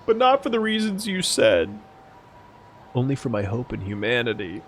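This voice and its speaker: In this gaming live stream, a tipsy young man chats loosely, rambling with plenty of swearing and laughter. His medium-pitched voice swings hugely up and down at a moderate pace, over a little hiss or hum.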